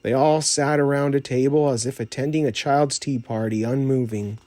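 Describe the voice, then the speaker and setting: A man narrating a children's storybook audiobook in a measured, plain reading. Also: mid-range voice, fairly even intonation, darkish tone, no echo. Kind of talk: storybook read-aloud narration.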